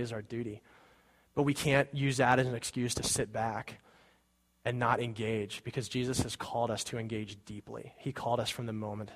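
Male pastor, mid-pitched, earnest sermon delivery, fervent peaks, loose casual asides. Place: church sanctuary.

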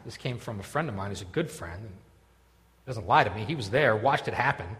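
A male pastor preaching a sermon, animated and conversational, moving between loud scripture reading and quiet asides. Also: lowish voice, a little fast, in a large hall.

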